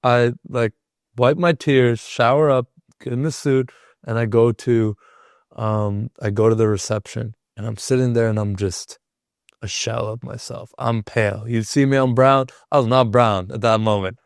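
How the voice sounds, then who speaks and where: Gravelly-voiced man telling a story. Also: medium pitch, steady tone, moderate pace, no room sound, clean studio sound. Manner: rambling, heavy use of filler "like". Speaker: podcast guest. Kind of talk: casual emotional storytelling.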